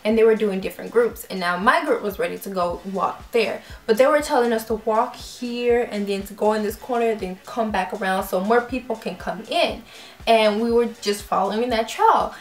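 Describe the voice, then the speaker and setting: A young woman vlogger telling a story in a casual, animated way, acting out voices and laughing often. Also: mid-range voice, normal speed, reverberant. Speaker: YouTube vlogger.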